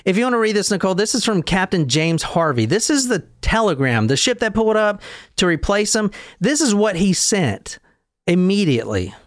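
Excitable guy hosting a podcast, voice bouncing all over, dry close sound, swears a lot. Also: high-pitched, no echo. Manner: excitable, swears and laughs often, quick bursts. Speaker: podcast host. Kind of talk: casual storytelling chat.

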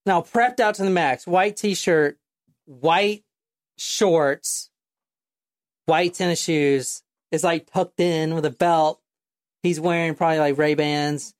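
A woman's voice: low voice, fairly even intonation, slow, dry recording, clean studio sound. A woman hosting a casual podcast, telling a true crime story in a rambling, profane way with lots of fillers. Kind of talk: casual chat.

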